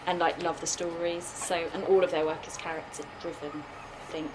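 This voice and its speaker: A woman's voice: on the low side, level tone, moderate pace. A woman, a guest puppeteer in a casual Q&A, chatty with many likes and fillers. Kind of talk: casual Q&A talk. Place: festival workshop room. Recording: noisy live room recording.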